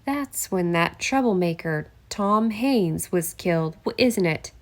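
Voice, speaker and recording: A woman reading an audiobook and voicing a middle-aged male congressman who is charming but quick to anger. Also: lowish voice, expressive. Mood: suspicious. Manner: charming, then defensive. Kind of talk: audiobook character voice.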